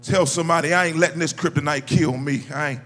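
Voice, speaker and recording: A male preacher delivering a sermon, telling a story quietly, then rising into shouted, sung calls. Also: on the high side, steady tone, fast, big-room sound, soft background music. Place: church sanctuary.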